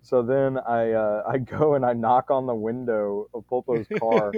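A man's voice: mid-range voice, measured pace, dry recording. A man on a podcast telling a long casual anecdote, rambling with frequent restarts and swearing freely. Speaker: podcast storyteller. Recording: tinny phone-like dry sound.

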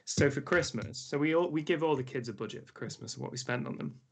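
A man's voice: mid-range voice, fast talker, gravelly, husky. A man hosting a casual podcast chat, an enthusiastic storyteller with many fillers.

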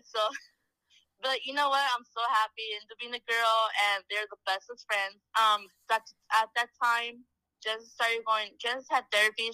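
A woman's voice: mid-range voice, sharp tone, clear, resonant tone, no room sound, rough recording. A woman in her twenties, a podcast guest, telling her story in casual chat, full of "like" and "um" and acted-out quotes. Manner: chatty, heavy on "like" and "um", acts out quoted dialogue.

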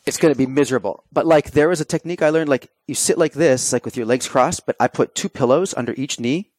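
A man in casual conversation as a podcast guest talks at a quick pace in a mid-range, darkish voice, with no room sound. He's loose and filler-prone, telling stories animatedly and acting out the thoughts he quotes from himself.

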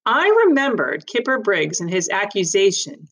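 Woman reading a novel chapter aloud; expressive, lively storyteller voice. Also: fairly low pitch, unhurried. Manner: expressive, friendly greeting to listeners. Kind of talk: read-aloud storybook narration.

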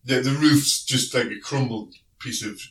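A man with a South London accent chats on a podcast, jokey and teasing and laughing often. His voice sits at an ordinary middle pitch. The sound is roomy and caught from a distance, with a faint hiss behind it. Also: moderate pace, sharp tone. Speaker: podcast co-host, radio presenter. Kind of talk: casual chat.

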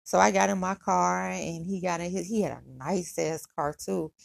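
Gravelly-voiced woman telling a story. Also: fairly low pitch, fairly even intonation, moderate pace. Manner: chatty, slangy retelling with frequent "he was like" and "um". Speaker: podcast host. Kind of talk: casual personal storytelling.

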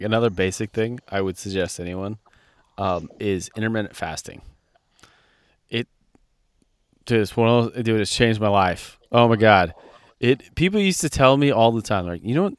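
A man's voice: on the low side, dry recording. A young man co-hosting a podcast in casual chat, blunt and profane, laughing often and acting out people he mocks. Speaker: podcast co-host.

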